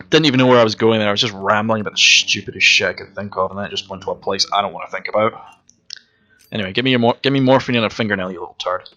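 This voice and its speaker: A man talks through his gameplay in a casual, rambling way, swearing freely and poking fun at himself. His voice sits low but has a bright, forceful edge. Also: racing, muffled recording. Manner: rambling, profane and self-mocking. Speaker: let's play commentator.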